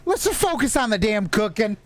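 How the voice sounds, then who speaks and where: A tabletop game master voicing Ellie, a gruff, foul-mouthed young woman who teases and swears bluntly during a survival game. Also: mid-range voice, sing-song, moderate pace, soft background music, voice pushed up, close to an everyday voice. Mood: gruff teasing. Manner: swears a lot, blunt and teasing.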